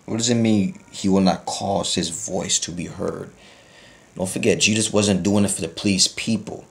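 A man's voice: sits low, steady tone, moderate pace, creaky. A man preaching a Bible lesson, asking his listeners questions and often repeating his words as he goes. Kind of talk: sermon teaching.

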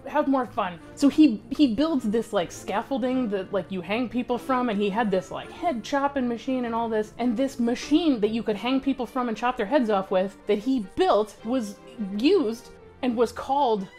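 A woman storyteller with a slightly high voice recounts history as comedy. She is animated and slangy, piling on exaggerations. Faint music plays behind her. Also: normal speed.

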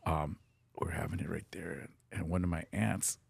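Middle-aged male storyteller, very low and husky, earnest and casual, code-switching into Spanish phrases. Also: steady tone, moderate pace, no echo. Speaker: podcast guest.

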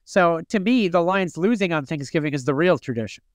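A man's voice: fairly high pitch, lively intonation, fairly quick, clean tone, no room sound, clean studio sound. A man from Michigan co-hosting a casual podcast, telling a playful story that rambles along. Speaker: podcast co-host. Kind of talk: casual chat.

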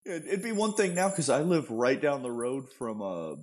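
A man's voice: medium pitch, sing-song, moderate pace, darkish tone. A young man, co-hosting a podcast in laid-back casual chat and swearing freely. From Texas. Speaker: podcast co-host.

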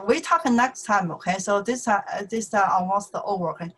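A woman with a Chinese accent, a native Chinese speaker, teaching a casual language lesson in slow, repetitive steps and checking "okay?" after each point. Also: medium pitch, slightly rough, poor audio. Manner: slow, repeats words, says okay often.

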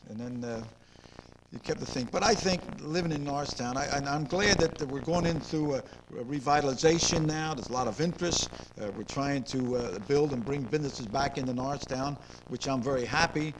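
A man's voice: mid-range voice, a little fast. An older man hosting a local interview show. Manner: rambling, repeats words, asks leading questions. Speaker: host. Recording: noisy 2002 local cable recording.

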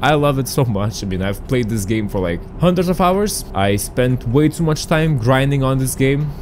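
Excitable man with a lively, swinging voice. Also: mid-range voice, moderate pace, over music. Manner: excitable, talks to the viewers and shouts at traffic. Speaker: gaming streamer. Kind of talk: casual gameplay commentary.

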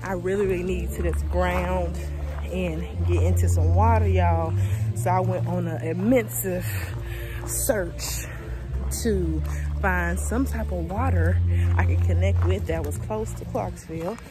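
A woman's voice: fairly low pitch, steady tone, measured pace, over music. Chatty woman vlogging outdoors. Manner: chatty, addresses viewers as y'all. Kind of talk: casual outdoor vlog. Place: outdoors at a state park lake beach.

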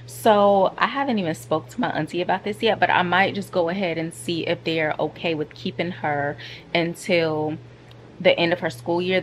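There's slight background noise as the vlogger, a woman in her thirties, chats casually from her couch. Her pitch is fairly low, and she talks to her viewers directly with lively animation.

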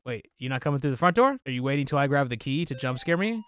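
Excitable, foul-mouthed male gamer, bright voice. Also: medium pitch, fast, hardly any pauses, slight background noise. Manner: excitable, profane, sudden yelling outbursts. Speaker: streamer. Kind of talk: live gameplay commentary. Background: faint game soundtrack music.

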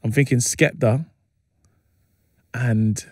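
A man, a comedian chatting as a radio guest and telling lively anecdotes with plenty of slang fillers. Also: mid-range voice, slow pace, no echo, studio quality. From England. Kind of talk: casual interview chat, animated storytelling. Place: radio studio. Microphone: studio microphone.

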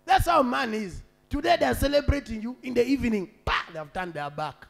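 A man preaching a sermon as a pastor, swinging between shouted, half-sung peaks and quiet, conversational asides. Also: very high voice, animated, a little fast, gravelly, soft background music.

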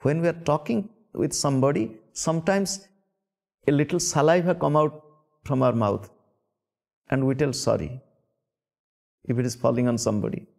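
A man's voice: a little high, moderate pace, vocal fry, pauses often, a little mellow. Indian man giving a spiritual sermon. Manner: repeats words for emphasis, asks the listeners questions. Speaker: spiritual teacher.

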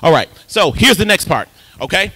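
A man preaching in a high, bright voice with a gravelly rasp running through it. He swoops all over his range, lifting into sing-song rises as he jokes and calls out to the congregation in a church sanctuary. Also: moderate pace, poor audio. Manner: lively call-and-response preaching with humor and sing-song rises. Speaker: pastor. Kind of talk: sermon.

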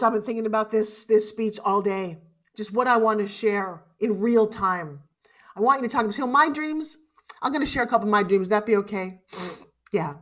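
A middle-aged woman giving a live motivational keynote, animated and emotional, swinging from loud exclamations to hushed asides. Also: mid-range voice, moderate pace. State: tearful at times. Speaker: motivational speaker.

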